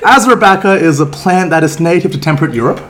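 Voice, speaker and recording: A man hosting a word game on a podcast, wry and quick to laugh. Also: a little high, expressive, noisy background. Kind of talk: casual podcast banter.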